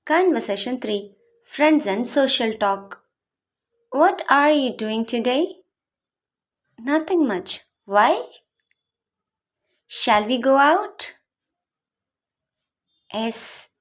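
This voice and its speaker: A woman teaching beginner English, reading short example dialogues in a slow, deliberate way for learners to repeat. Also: a little high, animated.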